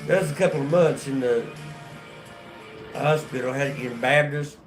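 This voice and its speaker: A man's voice: mid-range voice, normal speed, faint music behind. A man with a North Carolina accent telling his life story on a casual livestream, rambling and profane, with many restarts and fillers. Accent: North Carolina Southern.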